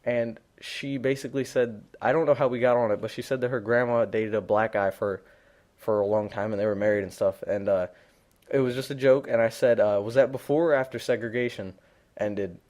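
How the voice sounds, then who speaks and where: A man's voice: medium pitch, fairly even intonation, brisk, darkish tone. A teenage boy doing unscripted gameplay commentary, rambling and blunt, with many fillers and restarts. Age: teens. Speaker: gaming commentator.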